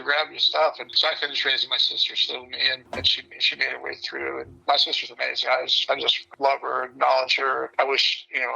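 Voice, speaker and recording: A man guest telling his life story candidly, in a blunt and animated way. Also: medium pitch, creaky, a little hiss or hum, poor audio. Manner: blunt and animated, breaks into laughter.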